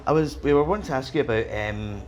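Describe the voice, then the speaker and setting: A man's voice: medium pitch, lively intonation, fast talker, slight background noise. A man interviewing a guest for a fan society, asking questions hesitantly with many fillers.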